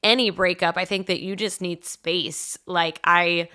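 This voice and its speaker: A woman's voice: fairly low pitch, fairly even intonation, a little slow, pushed and bright, clean tone. A young woman host, telling personal stories on a solo podcast in a chatty, confessional way full of "like" and laughing asides. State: congested. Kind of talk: casual solo podcast storytelling.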